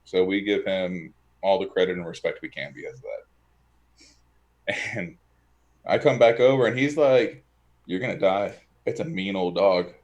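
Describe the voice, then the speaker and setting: A man with a fairly low voice tells a rambling, animated story in casual conversation at home. He acts out the lines of everyone in it as he goes. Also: normal speed, muffled recording. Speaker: guest, e-liquid maker.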